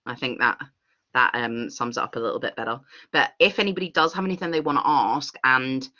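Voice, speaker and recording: A woman's voice: a bass voice, lively intonation, fairly quick, sharp tone. Enthusiastic woman, muffled call. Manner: enthusiastic, rambling, laughs often. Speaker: workshop facilitator. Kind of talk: online workshop Q&A.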